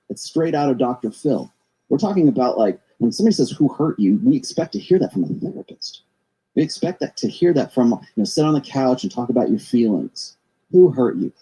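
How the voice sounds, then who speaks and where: A man's voice: mid-range voice, mellow, husky, rough recording. A middle-aged man hosting his own show, talking in a rambling monologue that often repeats and restarts words. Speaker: show host. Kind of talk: casual monologue commentary.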